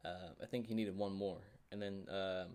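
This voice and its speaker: A man vlogging a casual, rambling recap of a show, full of fillers and excited reactions. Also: deep voice, moderate pace, clear, resonant tone. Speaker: YouTuber.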